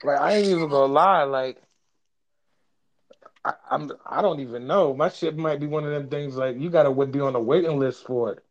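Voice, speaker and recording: A man with a fairly high voice chats on a podcast in a relaxed, slangy style. His audio sounds dull and lo-fi. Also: moderate pace. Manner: laid-back, slangy. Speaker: podcast co-host. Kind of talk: casual podcast chat.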